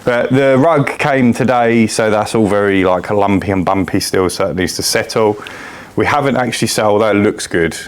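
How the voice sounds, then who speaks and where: Relaxed man, low voice. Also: normal speed. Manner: relaxed, joking banter. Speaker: podcast co-host. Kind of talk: casual chat. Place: large empty unit with echo.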